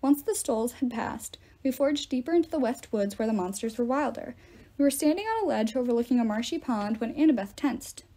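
A woman reading a novel aloud in a steady storytelling manner. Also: a little high, brisk. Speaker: reader.

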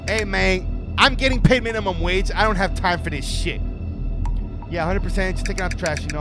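A young man giving let's-play commentary on a game, excitable and profane, yelling and joking as he plays. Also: high voice, normal speed. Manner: excitable, profane, yells and jokes. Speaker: gaming video creator. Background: game music.

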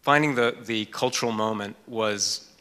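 Man on a museum panel, lowish voice, bright tone, thoughtful and full of pauses. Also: smooth. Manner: thoughtful, hesitant with frequent fillers. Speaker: author and art historian. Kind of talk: panel discussion. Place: lecture hall. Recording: reverberant hall.

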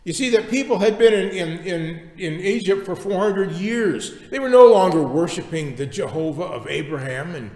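A male pastor preaching a sermon, reading scripture and then explaining it with emphatic pauses. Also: sits high, lively intonation, darkish tone. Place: church sanctuary. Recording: echoey church hall, distant mic.

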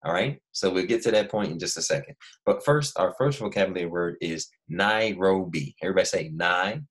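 A male first grade teacher giving a remote lesson, animated and coaxing the children to repeat words after him. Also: low-pitched, fairly quick. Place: Los Angeles.

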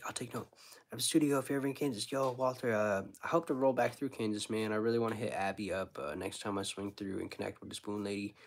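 A man's voice: on the low side, fairly even intonation, fast talker. A man, a street musician, chatting casually with viewers on a livestream, laid-back and rambling, full of slang like dude and bro.

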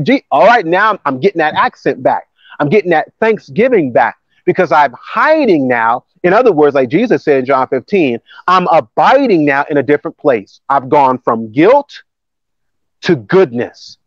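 High-voiced, animated man preaching a sermon. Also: no echo, muffled recording. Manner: lively, emphatic preaching with repetition and laughs. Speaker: pastor. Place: church campus building.

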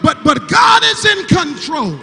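A grieving man, the son of the late pastor, preaches a call-and-response sermon to his congregation in a large church sanctuary with long reverb. His very high voice is gravelly, bright, and forceful, unhurried, with big pitch swings. He repeats words for emphasis and presses the room to answer back.

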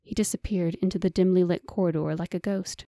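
A woman reading a fantasy audiobook as narrator in an even, measured storytelling manner. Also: fairly low pitch, dry recording, clean studio sound.

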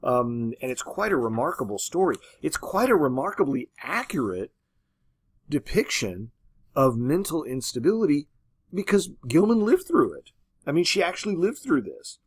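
A man giving a literature lecture in a conversational way, often asking "right?" and pausing on "um". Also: on the high side, big pitch swings, breathy edge, no echo. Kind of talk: classroom lecture.

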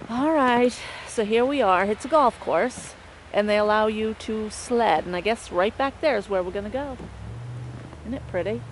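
A woman's voice: mid-range voice, a bit bright. An older woman chatting and giggling as she films her family outdoors on a snowy hill with a handheld camera. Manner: chatty, giggly, frequent laughter. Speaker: vlogger filming her family. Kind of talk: casual home video narration. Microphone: handheld video camera. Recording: noisy outdoor camcorder audio.

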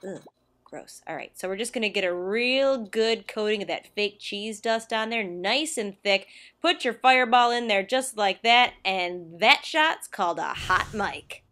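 A woman's voice: mid-range voice, measured pace, bright, forceful tone. A young woman hosting a comedic cocktail tutorial in a dry, sardonic way, stretching out her punchlines. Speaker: video creator.

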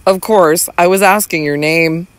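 A man reading the part of a devoted, obedient young gentleman with a bitter edge. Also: high-pitched, unhurried, smooth, no echo. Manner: submissive, bitter.

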